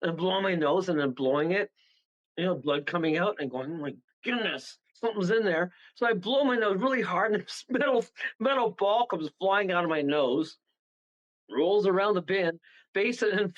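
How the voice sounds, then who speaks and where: A man guest on a radio show, telling rambling, animated stories and laughing partway through them. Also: high-pitched, normal speed, dull audio. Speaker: paranormal guest. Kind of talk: casual storytelling on a radio show.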